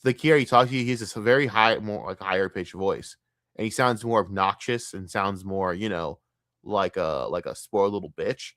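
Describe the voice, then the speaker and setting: Gruff, scornful man ranting in a dry room. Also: low-pitched, normal speed, fairly bright tone, dry recording. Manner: blunt, scornful, swears heavily. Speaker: streamer reacting to a documentary. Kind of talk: profane reaction rant.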